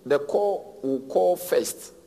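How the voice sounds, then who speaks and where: A man's voice: fairly high pitch, animated, slow, vocal fry. Preaching man in reverberant hall. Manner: emphatic preaching with big swings in loudness and repeated phrases. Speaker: pastor. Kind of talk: sermon.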